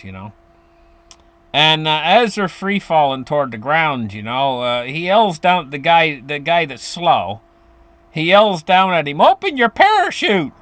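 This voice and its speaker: Talking directly to his viewers about money matters, a finance commentator uses a high, lively voice that jumps up and down. His delivery is animated and rambling, with restarts and occasional chuckles, and it feels casual and unscripted with no room sound.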